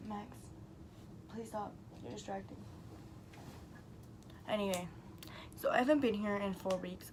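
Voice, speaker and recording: A woman's voice: mid-range voice, fairly even intonation, moderate pace, long pauses, a little hiss or hum, rough recording. A young woman chatting casually to her camera, telling a rambling story full of "like" and the odd swear.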